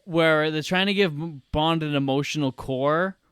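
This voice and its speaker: A man co-hosting a casual film podcast, excitedly retelling a scene blow by blow and swearing freely. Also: on the high side, normal speed, clear, resonant tone. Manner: excitable, profane play-by-play retelling. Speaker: podcast co-host.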